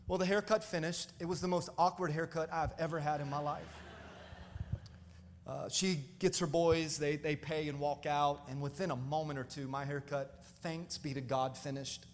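A man with a notably high voice preaches a storytelling sermon, animated and often calling out to his congregation. His voice rings through a church hall with a long echo. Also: moderate pace. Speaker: pastor.

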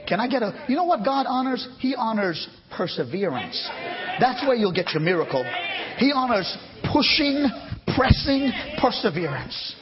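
A middle-aged man preaches a revival sermon in a church, his voice riding high. He swings from shouted calls to hushed storytelling and keeps pulling the congregation in. The recording sounds dull and lo-fi. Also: sing-song, measured pace. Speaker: pastor. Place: church sanctuary.

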